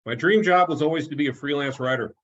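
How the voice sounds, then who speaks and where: Chatty man with a husky, muffled voice. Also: a little high, fast. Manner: chatty, self-interrupting, chuckles at own stories. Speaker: author giving a talk. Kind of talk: online presentation, anecdotal.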